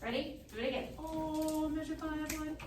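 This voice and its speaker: A woman choir teacher with a high voice gives brisk, encouraging instructions and sings bits of the music to show how it goes. She sounds a good way off from the mic, and her voice rings around a reverberant rehearsal room. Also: fairly even intonation, heavy background noise. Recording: echoey room, mic far off.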